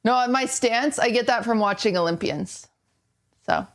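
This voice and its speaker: Chatty streamer woman, slightly high voice. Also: slow, pauses often. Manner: chatty, self-deprecating, talks to chat. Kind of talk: casual live-stream chat.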